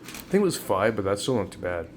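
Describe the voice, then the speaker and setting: A man's voice: lowish voice, very animated. A man casually chatting as co-host while his friend cooks. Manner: quick, easygoing replies. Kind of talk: casual cooking chat. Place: home kitchen. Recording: noisy home kitchen. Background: kitchen noise.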